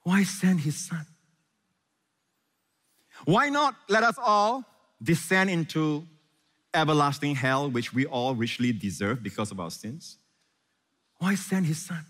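A man's voice: a little high, expressive, slow pace, pauses often. Impassioned male preacher in a hall. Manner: impassioned preaching, swinging from loud questions to hushed reassurance. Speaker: pastor. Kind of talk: sermon.

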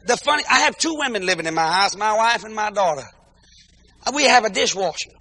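A male preacher with a high, bright, gravelly voice tells comic stories from the pulpit. He is animated and keeps breaking into shouted exclamations and bursts of praise. His tone has a sharp, lively edge. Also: brisk. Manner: peppers talk with praise interjections. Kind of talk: comic storytelling sermon.

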